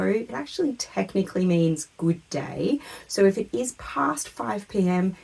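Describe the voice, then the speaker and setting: A woman teaching a beginner French lesson to camera, speaking patiently and modelling each word clearly for learners to repeat. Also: mid-range voice, lively intonation, unhurried, few pauses, darkish tone, rough recording.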